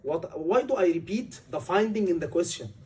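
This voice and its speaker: A man's voice: high voice, lively intonation, moderate pace, warm tone, husky, distant mic. A man, tutoring a class for a medical exam, emphatic and repeating key words over and over. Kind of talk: classroom lecture.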